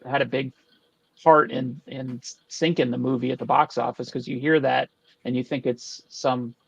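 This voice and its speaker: A man gives measured opinions in a casual movie podcast, his voice gravelly and flat in pitch. The sound is dry and dull, like a lo-fi mic. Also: dry recording.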